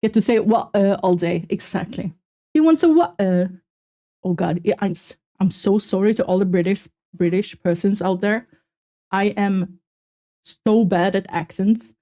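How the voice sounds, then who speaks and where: A young woman streaming, chatting casually and self-mockingly with her viewers in quick exclamations. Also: mid-range voice, dark tone. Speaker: streamer reacting to a video. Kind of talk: casual live-stream chat.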